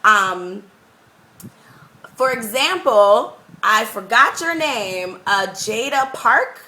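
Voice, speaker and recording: A young woman teaching English abroad, chatting to her camera in a rambling, animated way. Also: on the high side, extremely slow. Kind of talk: casual talking-head vlog. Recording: echoey room.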